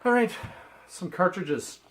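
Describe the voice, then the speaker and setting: A man's voice: high voice, lively intonation, takes it slowly, slight background noise, rough recording. Chatty Canadian reseller man. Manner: chatty, rambling, laughs at himself. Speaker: reseller vlogger. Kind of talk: casual haul vlog.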